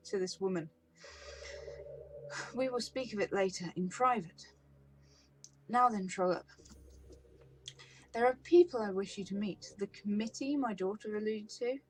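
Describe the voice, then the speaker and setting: A woman's voice: mid-range voice, darkish tone, slight background noise, close to an everyday voice, rough recording. A woman voicing a cold, wealthy older man who speaks in a clipped, formal, commanding way.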